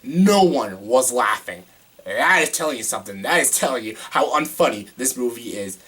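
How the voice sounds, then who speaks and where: A man's voice: medium pitch, animated, normal speed, a bit bright, breathy edge. A young man giving a casual movie review, exasperated and ranting, with lots of "like" and frequent swearing. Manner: exasperated ranting, heavy use of "like", swears often.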